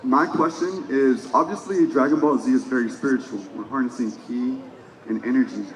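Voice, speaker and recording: A man in the audience of a convention panel, asking an earnest, measured question. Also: medium pitch, rough recording.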